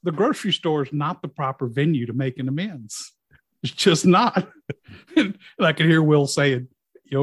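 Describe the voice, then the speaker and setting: Speaking in a fairly high, slightly breathy voice at normal speed, a middle-aged man in recovery tells vivid personal stories as a guest. He's a lively storyteller who acts out what others said in their voices, recorded on a completely dry mic with no echo.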